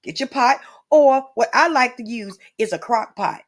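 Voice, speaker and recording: A woman's voice: on the high side, moderate pace. A woman hosts an improvised comedy cooking show at a loose, meandering pace. She talks in a playful way and keeps turning to the viewer with chatty asides. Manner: rambling, playful and boozy-toned, with lots of asides to the viewer.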